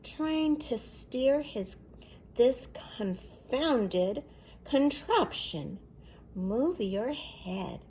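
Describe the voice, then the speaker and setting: Woman reading aloud as a grumpy old grandpa, grumbling and flustered, lively slow storybook voice. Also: fairly high pitch, slight background noise. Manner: grumbling, exclaiming.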